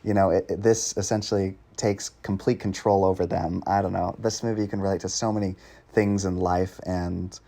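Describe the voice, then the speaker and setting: A man chatting on a casual podcast, thinking aloud in a rambling, reflective way. His voice sits on the low side. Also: steady tone, normal speed, creaky, dark tone.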